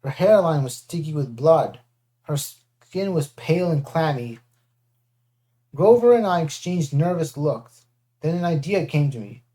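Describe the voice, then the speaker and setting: Audiobook narrator, mellow tone, lively first-person reading. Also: mid-range voice, a little slow. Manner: lively, with character voices.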